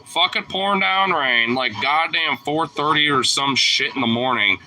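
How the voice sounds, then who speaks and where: A man's voice: fairly high pitch, normal speed, sharp tone, slight background noise, low-quality recording. A young man vlogging, telling a rambling, profane story in casual chat, full of filler words.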